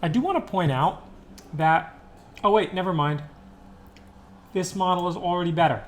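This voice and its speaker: A man live-streaming his programming session, talking excitably and rambling, repeating words as he thinks aloud at a desktop microphone in a room at home. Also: high voice, moderate pace. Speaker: livestreaming programmer. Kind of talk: casual live-stream chat while coding. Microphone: desktop USB microphone. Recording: roomy with faint background noise.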